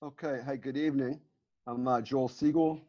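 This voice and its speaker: A man's voice: medium pitch, fairly even intonation, normal speed, dark tone. A man speaking at a community panel, presenting a resolution in an earnest way with many fillers and restarts. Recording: muffled lo-fi audio.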